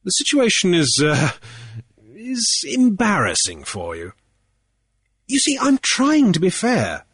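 A man reading a storybook, voicing a shrewd, cool male sea trader in a brisk, airy way with small hesitations. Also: high-pitched, huge pitch swings, a bit bright, breathy edge, no room sound, clean studio sound, voice pushed up, heavily acted. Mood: cool, probing. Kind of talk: audiobook character voice.

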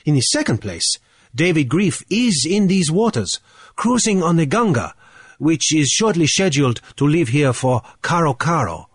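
A man reading as a calm, reasoning card player. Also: on the high side, breathy edge, dry recording, clean studio sound. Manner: measured, deliberate reasoning.

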